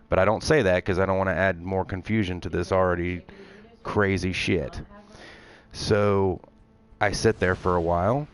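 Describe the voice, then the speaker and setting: A man's voice: sits low, fairly even intonation, normal speed, clean tone. A man streaming, telling a long story in a casual, exasperated way and acting out both sides of the conversation.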